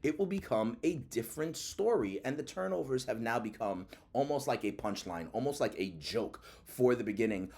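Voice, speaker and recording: Male sports channel host, lively pitch, emphatic and repetitive delivery in casual commentary. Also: normal speed, creaky, few pauses.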